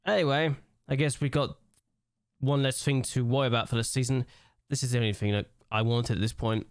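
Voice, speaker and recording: A young man with a mid-range, fairly evenly inflected voice speaks fairly quickly into a desk mic, his tone clean and the studio sound free of echo. He's a gaming YouTuber doing let's-play commentary on a football management game, ranting and complaining in exasperation at what unfolds on screen.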